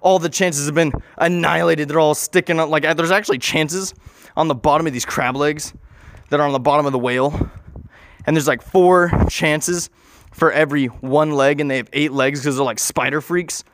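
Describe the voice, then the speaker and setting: A man's voice: on the high side, steady tone, normal speed. A man telling an improvised story in a rambling way, often correcting himself and adding joking asides.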